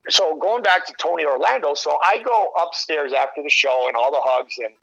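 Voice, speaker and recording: Middle-aged male commentator, guest spot: bright, slightly high voice, animated storyteller who laughs a lot. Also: brisk, creaky, poor audio. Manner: animated, laughs often, acts out quotes. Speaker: sports commentator, podcast guest. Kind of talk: casual storytelling.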